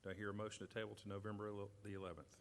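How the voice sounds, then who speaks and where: Deep-voiced guy chairing a board meeting, rattles off motions quick, bit of room hum behind. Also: flat delivery. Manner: brisk, routine parliamentary phrasing. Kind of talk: formal meeting procedure. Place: community center gym.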